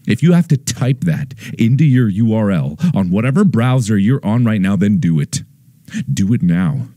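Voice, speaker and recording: A man's voice: on the low side, very animated, normal speed, no echo, studio quality. Over-the-top dramatic young man. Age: 20s. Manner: over-the-top solemn, swinging between hushed and shouted. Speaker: YouTuber. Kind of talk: mock-dramatic plea to viewers.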